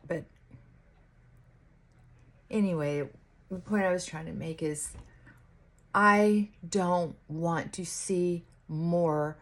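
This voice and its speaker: A woman chatting casually to camera while getting ready, musing aloud with pauses and restarts. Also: lowish voice. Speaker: vlogger. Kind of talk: casual get-ready-with-me chat.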